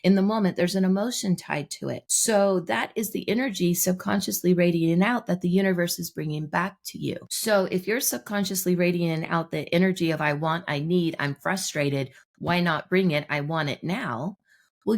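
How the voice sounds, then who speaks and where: A woman podcast guest explaining her ideas in a relaxed, explanatory way, telling anecdotes. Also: on the low side, gravelly. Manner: explanatory, tells anecdotes with acted-out dialogue. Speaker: guest, manifestation teacher. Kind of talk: podcast interview.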